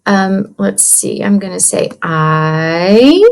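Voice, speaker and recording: A woman teaching young children a writing lesson from her computer, slowly and patiently sounding out letters and words. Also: mid-range voice, vocal fry. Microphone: computer mic.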